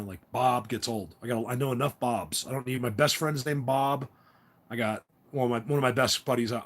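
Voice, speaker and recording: Husky middle-aged man, rambling livestream host, reads viewer comments, laughs a lot. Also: mid-range voice, fairly bright tone. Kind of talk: casual livestream chat.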